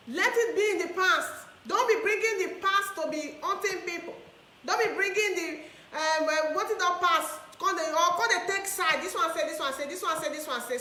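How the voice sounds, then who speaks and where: A woman's voice: very high voice, animated, normal speed, pushed and bright, echoey room. A Nigerian woman delivering an impassioned monologue to camera, switching between Pidgin and English and repeating phrases for emphasis. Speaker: online activist speaker.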